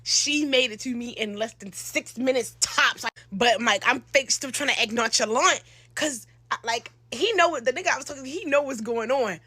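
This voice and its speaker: A young woman, telling a slangy, animated storytime into a close phone mic. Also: a little high, moderate pace, breathy edge, no echo. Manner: animated, slangy, acts out quotes with loud shouts. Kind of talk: storytime monologue.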